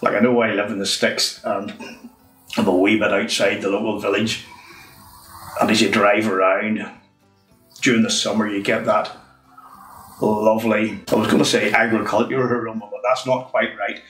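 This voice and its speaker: A man reviewing a whisky in a chatty, unhurried way. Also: lowish voice, flat delivery, fairly bright tone, recorded from a distance. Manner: chatty, unhurried, says "wee" often. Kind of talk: casual review monologue. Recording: roomy, from off the mic, faint music.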